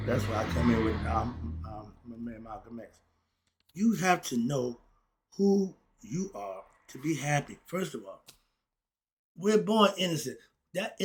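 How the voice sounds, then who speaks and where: A man's voice: medium pitch, fairly bright tone, slightly rough. A man giving a casual spoken lecture on self-knowledge and happiness, in a preachy way that asks questions and answers them himself. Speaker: self-help philosophy talk host.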